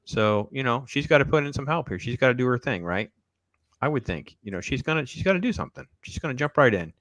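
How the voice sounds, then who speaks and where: A man's voice: medium pitch, lively intonation, quick pace, a bit bright, no room sound. A man hosting a casual reaction stream, riffing sarcastically and talking straight to his viewers. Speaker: show host.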